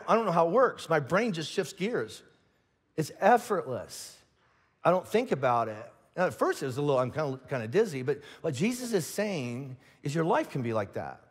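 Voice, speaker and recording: A middle-aged man from Indiana preaches to a large church, jumping into little acted-out voices as he tells his stories and often restarting his sentences. His voice sits high for a man, and it rings with the long reverb of a big auditorium. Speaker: pastor. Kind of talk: sermon.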